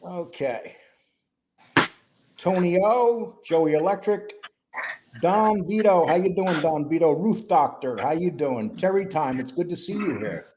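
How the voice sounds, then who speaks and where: A man hosting a casual live-stream show, greeting chat viewers by name in a relaxed, rambling way. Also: fairly high pitch, measured pace, background noise. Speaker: host.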